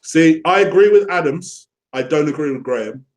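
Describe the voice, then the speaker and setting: A man's voice: on the high side, animated, moderate pace. Easygoing man chatting about football. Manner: easygoing, laughing along, asks questions. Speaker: guest co-host. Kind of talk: casual fan chat.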